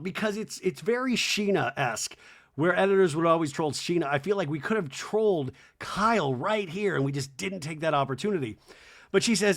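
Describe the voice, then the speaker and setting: A man's voice: high voice, animated, normal speed, creaky, a bit bright. A man hosting a podcast, recapping a reality show in a chatty, sarcastic, comedic way. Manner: chatty, sarcastic, laughs often. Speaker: podcast host.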